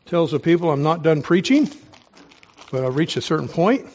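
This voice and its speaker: A man's voice: a little high, animated, a little mellow, dull audio. A man preaching a sermon, earnest and emphatic, his voice strained as if he is nursing a sore throat. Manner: earnest, emphatic, pauses to ask listeners directly. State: strained voice, taking cough drops. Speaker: pastor.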